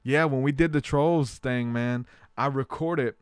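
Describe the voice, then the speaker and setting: A man's voice: medium pitch, unhurried, clear, resonant tone, no room sound. Guy hosting his podcast, rambling story, lots of ums, dry sound. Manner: rambling storytelling with many fillers. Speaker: podcast host. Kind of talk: casual chat.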